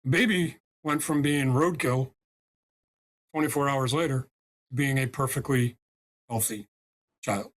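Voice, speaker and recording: A man's voice: mid-range voice, unhurried, pauses often, a little hiss or hum. A man from the United States telling a story as a podcast guest and spiritual healer, emphatic and often checking in with "right?" and "okay?".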